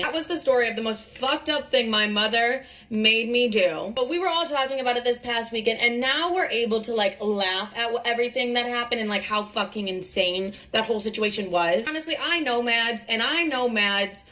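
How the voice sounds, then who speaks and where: Fast-talking young woman telling a story. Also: on the high side, a bit bright. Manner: profane, rapid, filler-heavy storytelling. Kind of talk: casual storytime monologue.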